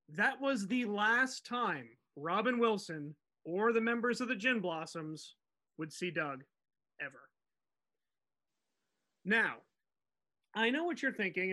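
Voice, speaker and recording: A man hosting a podcast, telling a music story in an animated, digressive way. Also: sits high, measured pace. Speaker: podcast host.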